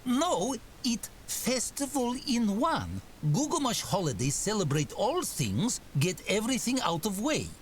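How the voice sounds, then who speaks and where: A man's voice: high-pitched, sing-song, a little slow, few pauses, a little hiss or hum, voice pushed up. A game's narrator voicing a boisterous female orc who talks in broken, clipped sentences. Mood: cheerful. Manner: broken grammar, loud and festive.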